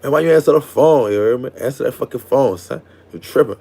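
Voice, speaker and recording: A swaggering, smooth-talking street guy, as a man puts him on for a phone call. His voice is mellow and husky, and his manner is flirty and bossy. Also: mid-range voice, fast.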